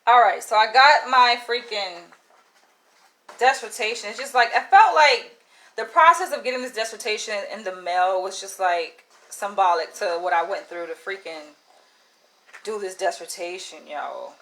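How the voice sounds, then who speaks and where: A woman vlogger telling a casual story in an animated, exasperated way, peppered with slangy "yo". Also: medium pitch, normal speed, low-quality recording.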